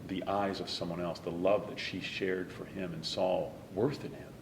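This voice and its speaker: A man, a stage actor, talking in an interview in an earnest, emotional way and dropping to a soft whisper at times. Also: deep voice, level tone, normal speed, vocal fry, echoey room, noisy background. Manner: earnest and emotional, some lines softly whispered. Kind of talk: reflective interview talk.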